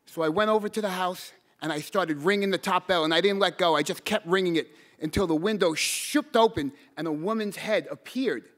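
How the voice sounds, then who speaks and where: High-voiced man telling a true story. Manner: earnest, halting repeats, bursts into shouted quotes. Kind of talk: live personal storytelling. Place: storytelling stage event.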